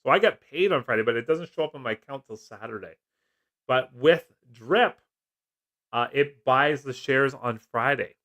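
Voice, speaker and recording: A man's voice: mid-range voice, moderate pace, a bit bright, highs cut off. A middle-aged man hosting a casual live stream, jokey and chatty, laughing often as he reads comments. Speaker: livestream host.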